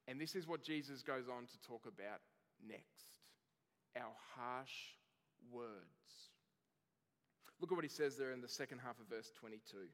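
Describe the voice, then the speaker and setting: A man's voice: mid-range voice, fairly bright tone. Male pastor, 30s, earnest sermon delivery with building emphasis, voice ringing in a big hall. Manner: earnest, builds through lists with rising emphasis.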